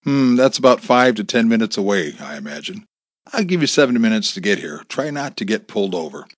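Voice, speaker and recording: A man's voice: on the low side, very animated, brisk, dry recording. A man voicing a menacing, sarcastic male kidnapper who taunts his victim over the phone, in a storybook reading. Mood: taunting. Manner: taunting, mocking, cruel.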